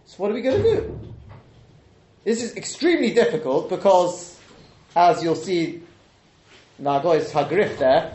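A man teaching a Talmud class, questioning the texts out loud and mixing in Hebrew and Aramaic terms. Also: high-pitched, expressive, unhurried, long pauses, reverberant.

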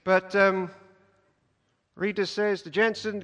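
A man preaching a sermon in a church, in an animated, conversational storytelling way. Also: high voice, a little slow. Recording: echoey church hall.

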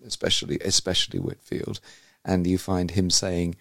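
Deep gravelly-voiced man hosting an interview. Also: completely flat delivery, normal speed, fairly bright tone, no room sound, studio quality. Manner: enthusiastic, rambling storyteller with frequent restarts. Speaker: host. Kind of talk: conversational interview.

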